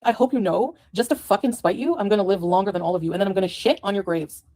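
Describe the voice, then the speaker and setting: A woman's voice: medium pitch, fast talker, warm tone. A woman in a played clip delivering an angry, profane rant to the camera, scornful and cursing at her critics.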